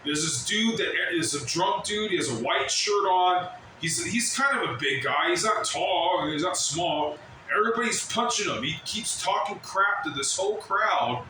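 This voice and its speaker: A man ranting casually to the camera at work, rambling and swearing as he mimics other people's shouts. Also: high-pitched, lively intonation, moderate pace, distant mic, background noise. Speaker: vlogger. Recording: very echoey, from off the mic.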